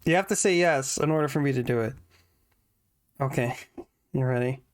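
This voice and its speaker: A woman's voice: a bass voice, moderate pace, dry recording. Giggly woman streamer, casual chat. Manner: chatty, giggly, self-conscious. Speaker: vtuber streamer. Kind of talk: casual let's-play commentary. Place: home room.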